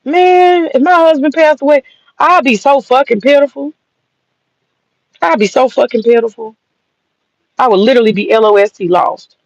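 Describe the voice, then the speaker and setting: A woman's voice: sits high, moderate pace, pauses often, no room sound. A woman ranting bluntly and mockingly, profane and sassy. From American South. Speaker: commentator. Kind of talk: profane opinion rant. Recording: dull lo-fi dry sound.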